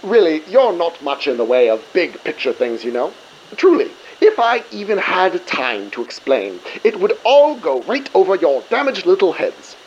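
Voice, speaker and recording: A man's voice: fairly high pitch, wildly swooping pitch, moderate pace, lo-fi sound, a little hiss or hum. An actor playing a condescending, mocking male villain in an audio drama. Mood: smug menace. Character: smug scheming male villain.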